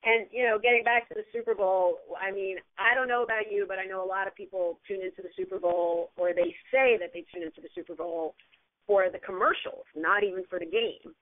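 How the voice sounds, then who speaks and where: A woman's voice: mid-range voice, a little fast, no room sound. A woman co-hosting a sports radio show, chatting eagerly about the big game and its commercials. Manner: chatty and enthusiastic, frequent restarts. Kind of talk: casual sports radio chat. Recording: phone-like narrow band.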